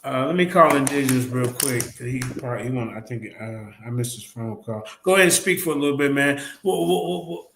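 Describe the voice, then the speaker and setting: A man's voice: medium pitch, brisk, gravelly, hardly any pauses, reverberant, background noise. A man hosting a casual live stream talk, loose and repetitive, swearing casually. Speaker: host.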